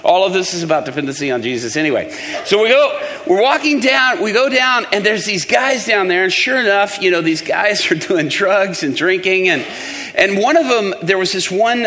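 In a large hall, a man with a high-sitting voice preaches while telling a story. He is animated, acting out the voices of the people in his sermon tale.

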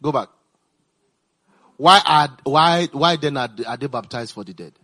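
A man's voice: on the high side, a little slow, pushed and bright. A man preaching a sermon, reading scripture aloud and breaking off into urgent, repetitive asides to his congregation. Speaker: pastor.

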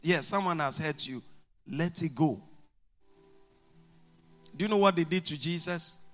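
A man's voice: on the high side, unhurried, faint music behind. A male pastor preaching a sermon, telling stories and acting out the dialogue. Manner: animated storytelling, acting out dialogue, laughing along.

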